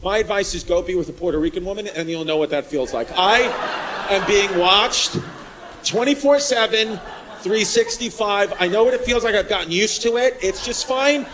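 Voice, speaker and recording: A man doing a stand-up set in a comedy club, riffing loudly with the crowd and working the room. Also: high voice, normal speed. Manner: loud, riffing, crowd work. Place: comedy club with live audience. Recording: live club recording with crowd noise.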